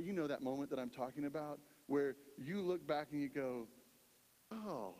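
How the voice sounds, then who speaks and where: A man's voice: a little high, big-room sound. A male pastor preaching a sermon in a conversational style, often checking in with the congregation. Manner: conversational preaching, lots of "right?".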